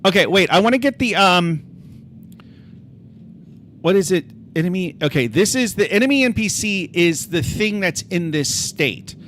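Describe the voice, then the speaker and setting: A man livestreams his game development, debugging out loud, muttering to himself and speaking directly to his chat in a casual way while he codes. His voice sits high with lively intonation and a fairly bright tone, at a normal speed, over slight background noise.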